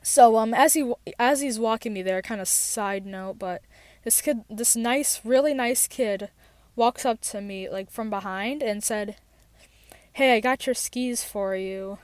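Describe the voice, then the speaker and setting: A woman's voice: mid-range voice, no room sound. A teenage girl telling a personal story in a rambling, casual way, with many fillers and restarts, recorded in a parked car. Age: teens. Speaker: podcast host.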